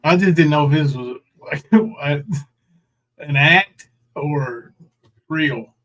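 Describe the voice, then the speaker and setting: A man's voice: a little high, slow, fairly bright tone. A man co-hosting a casual reaction chat, playful and laughing often. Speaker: co-host.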